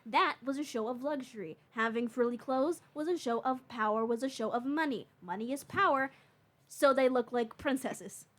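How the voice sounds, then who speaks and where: A woman co-hosting a loose podcast, her voice sitting a touch high. She rambles from one question to the next and swears freely. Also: normal speed, fairly bright tone. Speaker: podcast co-host. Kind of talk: casual podcast chat.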